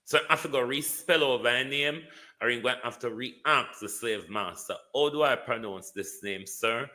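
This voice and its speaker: A man's voice: mid-range voice, normal speed, sharp tone. A man with a Jamaican accent hosting a live stream, giving casual political commentary, greeting viewers by name and repeating words for emphasis.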